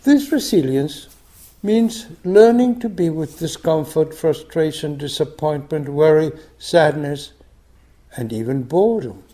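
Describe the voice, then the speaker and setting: An older man giving a meditation teacher's dharma talk. He reads a story aloud in a soft, unhurried way, and his phrase ends drop to a whisper. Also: on the high side, animated.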